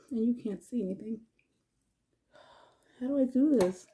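Woman pet vlogger, casual and chatty, fond of her animal; warm, slightly high voice. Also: normal speed. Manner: chatty, talks fondly to her pet and viewers. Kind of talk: casual pet vlog chat.

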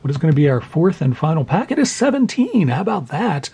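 A man's voice: a little high, lively intonation, fast, dark tone, breathy edge, rough recording. A man hosting a card-collecting channel, opening packs and chatting casually with rambling, self-deprecating asides. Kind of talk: casual pack-opening commentary.

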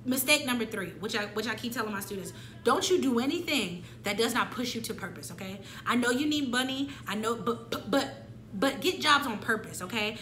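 Animated, slangy young woman, echoey room. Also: a little high, fairly quick, a little hiss or hum. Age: 20s. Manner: animated, slangy, acts out her own past lines. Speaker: vlogger. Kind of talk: candid personal storytelling.

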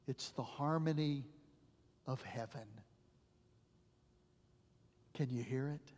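A male pastor preaching a sermon, telling stories dramatically and dropping to a hush at the ends of phrases. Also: medium pitch, slow pace. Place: church sanctuary. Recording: long church reverb.

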